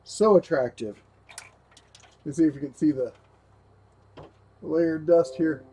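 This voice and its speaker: A man's voice: a little high, slow pace, dark tone, husky. A man hosting a livestream while rebuilding a computer, chatting casually, talking to his parts and his dog. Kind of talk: casual live tech narration.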